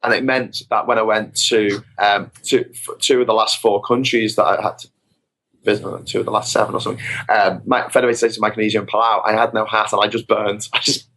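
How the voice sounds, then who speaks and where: Podcast guest, male, slightly low and bright, rambling self-mocking storyteller. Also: little pitch movement, fairly quick. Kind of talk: casual storytelling. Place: podcast recording.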